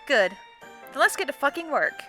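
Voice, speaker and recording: A woman's voice: high-pitched, big pitch swings, moderate pace, sharp tone, soft background music, full character voice. Woman voicing a blunt young troll lawyer girl. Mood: earnest blunt. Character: sharp sarcastic young female troll lawyer.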